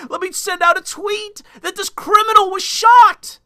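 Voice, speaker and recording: A man's voice: extremely high pitch, steady tone, measured pace, pushed and bright, voice pushed up, exaggerated voice. A man putting on a hysterical weeping scold who sobs theatrically. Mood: mock weeping. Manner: wailing, theatrical mock sobbing.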